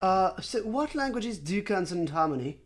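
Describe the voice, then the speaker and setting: Very animated and at normal speed, a medium-pitched voice comes from a conlang streamer inventing a language live. They talk to chat viewers casually as they work, with dry self-mockery and lots of fillers while thinking aloud.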